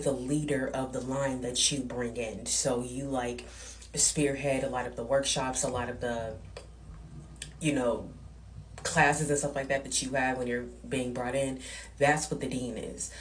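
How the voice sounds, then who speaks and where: A woman with a low, deep-set voice tells a storytime rant, blunt and full of swearing. She sits somewhat back from the microphone, so her voice carries a little distance. Her delivery stays heated and emphatic. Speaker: vlogger. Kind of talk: ranting storytime.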